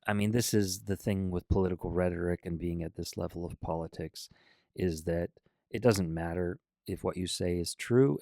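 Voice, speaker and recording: A man's voice: low voice, dark tone, no echo. A man hosting a political reaction commentary, arguing bluntly and emphatically against what he has just played. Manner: blunt, argumentative, emphatic rebuttals.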